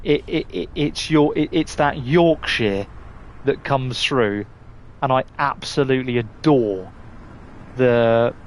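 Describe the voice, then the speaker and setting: A man talks slowly and casually as he streams a driving game, rambling and restarting his sentences with the odd mild curse. A faint hum sits under his voice. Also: mid-range voice. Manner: chatty, rambling, stumbling restarts, mild swearing. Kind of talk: casual live gameplay chat.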